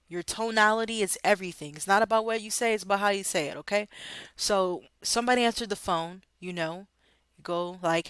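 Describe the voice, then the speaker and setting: A woman's voice: lowish voice, fairly bright tone, clear, resonant tone, dry recording. A woman coaching new sales agents in an upbeat, coaxing way, often checking in with "okay?" and "right?". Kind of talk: motivational coaching talk to camera.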